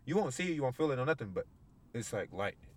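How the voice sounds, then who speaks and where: A man's voice: medium pitch, sing-song, quick pace. Slangy young man ranting casually. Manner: slangy, profane, rambling. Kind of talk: casual chat.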